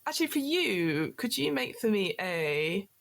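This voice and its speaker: A woman narrating as the game master, lively and laughing, with frequent fillers. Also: mid-range voice, a little slow, gravelly.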